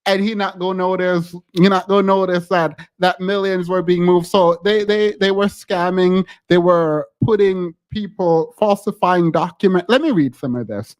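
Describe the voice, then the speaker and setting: A man's voice: sits high, animated, unhurried. A male podcast host chatting casually and reading a news story aloud. He giggles often and stammers through restarts.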